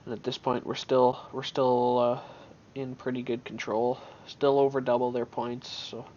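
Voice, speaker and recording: A man's voice: mid-range voice, flat delivery, normal speed, dark tone, lo-fi sound, a little hiss or hum. A man giving casual gameplay commentary on his own match, thinking aloud in an offhand way with many restarts.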